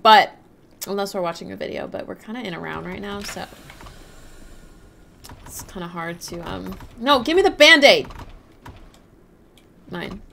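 A woman's voice: on the low side, steady tone, normal speed, gravelly, long pauses, a bit bright, a little hiss or hum. A woman live-streaming a game, chatting casually, rambling and reading out and answering her chat. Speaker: livestreamer.

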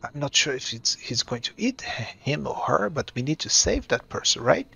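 A man's voice: medium pitch, big pitch swings, normal speed, vocal fry, bright, forceful tone, husky, exaggerated voice. A man voicing a compassionate young adventurer woman who pleads earnestly with her brother. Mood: pleading.

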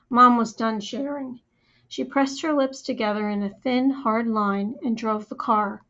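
A woman reading a first-person children's story aloud in a lively, chatty storytelling manner. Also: a little high. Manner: lively, chatty storytelling as a young girl narrator. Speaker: audiobook reader. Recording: slightly muffled recording.

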